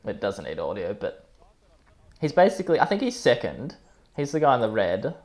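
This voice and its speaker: A man's voice: medium pitch, big pitch swings, normal speed. A man co-hosting a casual chat podcast, chatty and teasing, often laughing. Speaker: podcast co-host.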